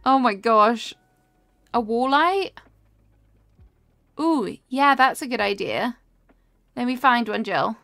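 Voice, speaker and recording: A young woman chats her way through a live game stream, her fairly high voice full of gravelly vocal fry. She talks casually and reacts out loud to the game as she goes. The sound is close and dry, with no room around it. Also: expressive, slow, pauses often, no room sound. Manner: chatty, reacts aloud to the game and reads chat. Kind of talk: casual live-stream chat while playing.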